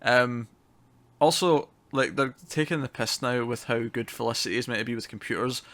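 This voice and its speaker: A man co-hosting a casual TV review chat, animated and quick to laugh, with some swearing. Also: mid-range voice. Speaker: co-host.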